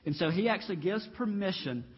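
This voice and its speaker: A man preaching a lively sermon, acting out the voices in the Bible stories as he retells them. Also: sits high, fairly quick, breathy edge. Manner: animated storytelling, acts out Bible voices. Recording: dull reverberant hall.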